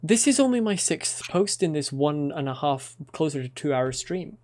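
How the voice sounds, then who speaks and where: A young man chatting casually on his stream, relaxed as he explains things to his viewers. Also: on the high side, normal speed.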